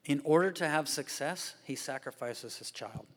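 Man, guest preacher, sermon, animated storytelling, acts out voices, slightly high voice, church hall reverb. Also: normal speed. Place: church sanctuary.

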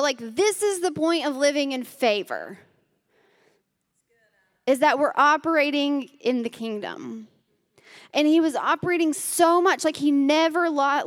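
Woman preacher, higher voice, chatty sermon full of "like," talks straight to the room; long hall reverb. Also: a bit bright. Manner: casual, filled with "like", addresses the room directly. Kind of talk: conversational sermon. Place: room with a gathered group.

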